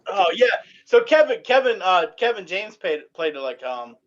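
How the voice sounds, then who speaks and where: A man's voice: high voice, very animated, normal speed. Drunk man rambling, lo-fi. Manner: rambling, profane. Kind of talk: casual chat. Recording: lo-fi audio.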